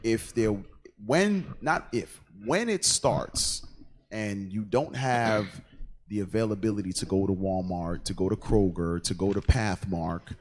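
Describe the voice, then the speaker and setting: A man hosting a casual online radio show, animated and laughing easily, often repeating words. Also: fairly low pitch, measured pace. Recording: online call audio.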